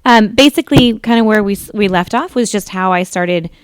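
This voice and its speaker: A woman's voice: mid-range voice, fairly quick, clean tone, no room sound, clean studio sound. A woman in her thirties hosting a talk radio show, telling stories in a chatty, rambling way with frequent self-corrections. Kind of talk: casual storytelling on talk radio.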